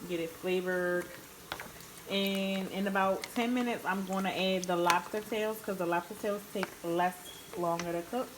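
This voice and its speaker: In her home kitchen, a woman vlogger chats through a casual cooking tutorial, speaking straight to viewers and calling them "guys." Her voice is on the low side, steady and at normal speed, with background noise present.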